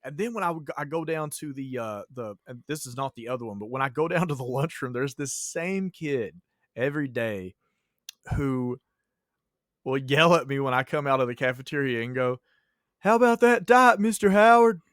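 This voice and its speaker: A man's voice: mid-range voice, normal speed, a bit bright, dry recording, studio quality. A man co-hosting a casual podcast, telling teacher stories in a joking way and laughing often.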